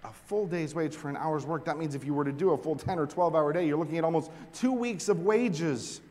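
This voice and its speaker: A man preaching a sermon, reading scripture aloud and explaining it, swinging from hushed asides to loud, emphatic points. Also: fairly high pitch, fairly quick. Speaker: pastor. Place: large hall with long reverb. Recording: echoey hall recording.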